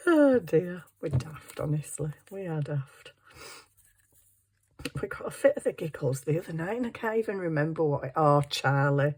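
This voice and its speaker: A papercraft vlogger sits at her desk at home, chatting through her crafting in a rambling, self-mocking way. Her voice is low and darkish with a breathy edge, and she speaks at a normal pace.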